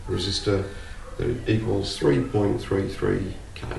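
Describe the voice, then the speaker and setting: An Australian man in a casual electronics tutorial, slowly working through sums aloud and then telling a joke. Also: on the low side, lively intonation, gravelly. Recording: roomy, distant, faint background hum.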